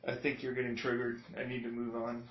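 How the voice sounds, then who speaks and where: A man talking casually in a video journal, reacting to clips, rambling and profane, flaring up into angry shouts. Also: mid-range voice, completely flat delivery, fairly quick, very noisy. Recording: dull lo-fi sound in an echoey room.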